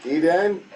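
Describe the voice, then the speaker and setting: A man leads a relaxed Torah study session and tells the story with energy, playfully taking on the characters' voices. His voice comes from some distance away from the mic. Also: high voice, slight background noise. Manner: lively storytelling, playfully acts out biblical characters, frequent restarts. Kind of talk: casual Torah study class.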